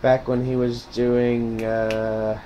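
A man's voice: mid-range voice, flat delivery, extremely slow, warm tone, a little hiss or hum. A man vlogging in a casual, rambling way, sarcastic and full of cussing and self-mockery. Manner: sarcastic, profane, self-mocking.

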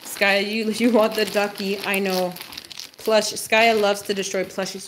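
A woman hosting a casual livestream, who talks to her dog in a high sing-song voice, drops low for asides and exclaims and laughs often. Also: level tone, unhurried, fairly bright tone, a little hiss or hum.

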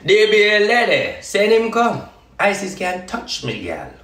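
A man's voice: sits high, huge pitch swings, slow pace, fairly bright tone, roomy sound, distant mic. A man with a Jamaican accent giving a defiant, repetitive live-stream address to his followers.

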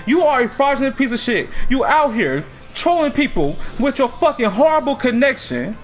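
Male gamer ranting on stream; high, animated voice, swears and yells at losses. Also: moderate pace, soft background music. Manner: profane, ranting, shouts in frustration. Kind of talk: angry gaming stream rant.

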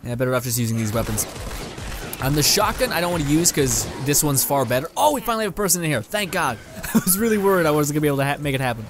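Slightly high and expressive, the voice of a young Canadian gaming YouTuber comes in rapid-fire over a noisy background. He delivers rambling, laugh-filled let's play commentary in a casual way, swearing at the video game every so often.

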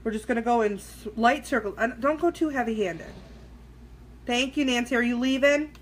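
A woman with a fairly high voice hosts a casual makeup tutorial live on a phone or webcam, talking at normal speed. She keeps up loose chatter with viewers as she works and swears here and there. A little hiss or hum can be heard.

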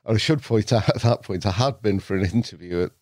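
Talking fast in a lowish voice, a middle-aged man from England with a North Staffordshire accent spins animated stories as a podcast guest, laughing frequently. The studio sound is clean with no room noise.

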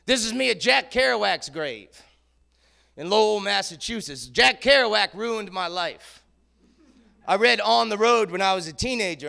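High, gravelly rambling comedian. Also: male voice, pushed and bright. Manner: loose, rambling, peppers lines with "man". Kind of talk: stand-up storytelling. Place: theater stage.

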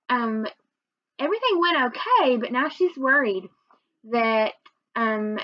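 A woman's voice: fairly high pitch, no room sound, dull audio. A woman teacher reading chapters of a novel aloud to her students, summing up first with many fillers before reading on steadily. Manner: recaps with many fillers, then reads steadily.

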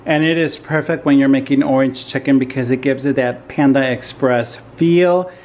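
A man's voice: medium pitch, fairly even intonation, darkish tone. A man talking to his camera in a casual vlog, reflective and open about his feelings. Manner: slow, emotional, reflective then chatty. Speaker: vlogger.

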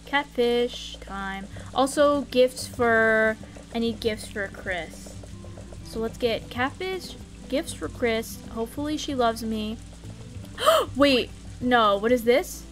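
A woman streaming a video game live, commenting excitedly and talking straight to her chat. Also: on the high side, slow, faint music behind.

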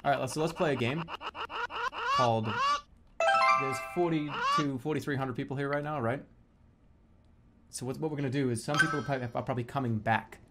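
A man's voice: mid-range voice, brisk, pauses often. A young man streaming a game, chatting casually and breaking into theatrical mock-angry rants full of swearing. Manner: theatrical mock-angry ranting, lots of swearing, swings to loud outbursts. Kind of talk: casual live-stream chat while gaming. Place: home streaming setup, seated at a desk. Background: game music.

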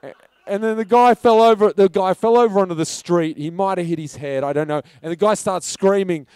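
A man tells a rambling story from a film shoot in a relaxed, conversational way. His voice sits fairly high and sounds smooth and clear. The sound is dry and close, with no room echo. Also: a little fast. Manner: casual storytelling, loose and chatty. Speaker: film director. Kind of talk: anecdote at a live film talk. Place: pub function room.

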